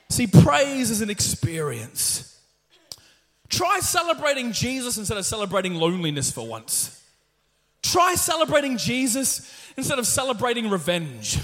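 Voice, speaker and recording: A man preaching an energetic sermon in a church, rallying the congregation and often calling out to them. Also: very high voice, measured pace. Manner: energetic, exclaiming, leading the congregation. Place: church sanctuary. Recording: long hall reverb with faint music.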